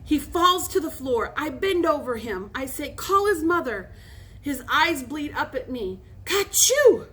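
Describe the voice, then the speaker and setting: A woman voicing a scheming young boy who acts out loud, theatrical sneezes in a storybook reading. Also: high-pitched, measured pace, heavily acted. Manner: animated, acting out scenes.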